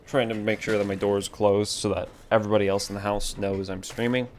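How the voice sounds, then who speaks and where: A man streaming a game from a warm room at home, muttering to himself as he builds and chatting with viewers. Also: on the low side, level tone, quick pace, slight background noise. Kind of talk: casual live-stream chatter while playing.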